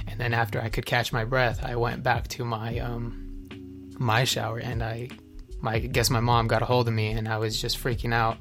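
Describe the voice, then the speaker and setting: A man's voice: medium pitch, level tone, moderate pace, music in the background. A young man earnestly telling his own recovery story in a candid, confessional way, with many fillers and restarts. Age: young adult. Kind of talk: candid personal testimony.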